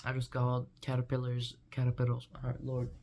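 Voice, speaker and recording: A man's voice: medium pitch, level tone, measured pace. A young man vlogging in a rambling, goofy casual monologue full of fillers.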